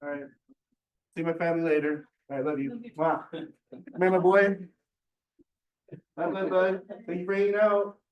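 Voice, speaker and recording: Leading a real estate office meeting in a big meeting room, the male host is chatty and eager, repeating words to spur people on. His high-sitting voice keeps a fairly even intonation at a normal speed, with long pauses. The distant mic gives dull, echoey audio heard from afar.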